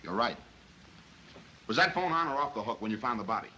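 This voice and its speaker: A man playing a brash, impatient police inspector in a 1930s film, gruff and wisecracking as he barks orders. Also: medium pitch, sing-song, a little fast, muffled recording, background noise, lightly acted.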